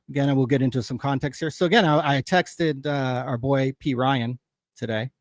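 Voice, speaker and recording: A man hosting a livestream rants angrily, swearing constantly in loose, heated, casual commentary. His voice is mid-range with fairly even intonation at normal speed, and the recording is dry.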